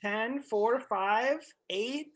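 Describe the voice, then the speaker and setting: A man coaching a group of real estate agents over a video call, blunt and animated, swearing and acting out little scenes. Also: very high-pitched, extremely slow.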